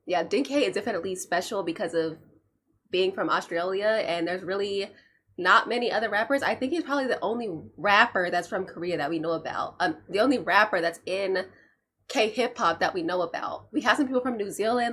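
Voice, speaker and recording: A woman's voice: medium pitch, fairly bright tone, husky. A woman hosting a reaction video, chatting casually and checking her notes, with frequent restarts. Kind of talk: casual commentary.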